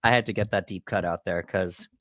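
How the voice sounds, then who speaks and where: A man co-hosting a podcast, recapping a film in a relaxed, easygoing way. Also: low voice, brisk, dry recording, clean studio sound. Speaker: podcast co-host. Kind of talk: casual movie breakdown chat.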